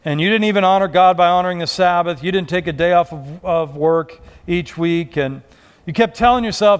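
A man's voice: high-pitched, moderate pace, clean tone. A male pastor preaching a sermon in a conversational way, acting out quoted voices.

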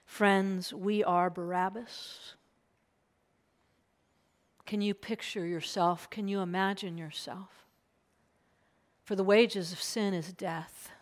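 Woman preacher, slow and earnest, sermon storytelling, hushed asides. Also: medium pitch, steady tone. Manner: earnest, drops to a hushed whisper for emphasis. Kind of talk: sermon retelling a gospel passage.

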